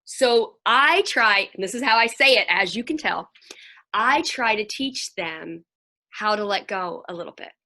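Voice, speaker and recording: A woman's voice: medium pitch, animated, measured pace, pushed and bright. A middle-aged woman counselor and play therapist speaking to a moms' group over a video call, chatty and folksy, sometimes acting out children's voices.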